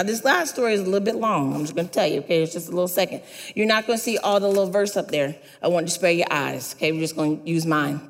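Animated woman preacher in a reverberant hall. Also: on the low side. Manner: animated storytelling, asks audience to repeat words. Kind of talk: sermon with Bible reading.

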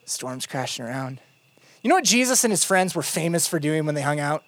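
This youth pastor preaches in a relaxed, conversational way, with playful asides and lively retelling that settles into quiet emphasis. The voice sits at a mid pitch. The sound is close and dry, with no room echo. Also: fast. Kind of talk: sermon.

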